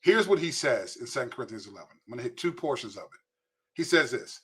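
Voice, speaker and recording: Husky-voiced pastor preaching emphatically. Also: male voice, medium pitch, big pitch swings, fast talker, a bit bright. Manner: emphatic, repeats words when pressing a point. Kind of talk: preaching to camera.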